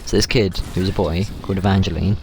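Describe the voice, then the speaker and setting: A man's voice: low-pitched, fairly even intonation, quick pace. A man host telling a story in a casual, rambling way while gaming, repeating words and saying dude a lot, on a noisy mic with clicks.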